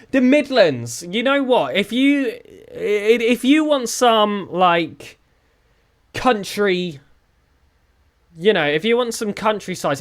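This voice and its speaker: A young man from the south of England with a southern English accent, chatting casually with his live-stream viewers and joking around. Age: young adult. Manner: chatty and joking, with lively swings in pitch.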